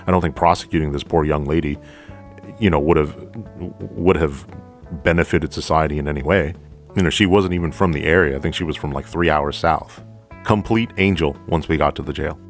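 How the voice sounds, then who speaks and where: A man hosting a podcast, a police officer telling a story from the job in a profane, animated way, acting out both sides of the dialogue. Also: rumbling low, a little fast, soft background music. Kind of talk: storytelling monologue.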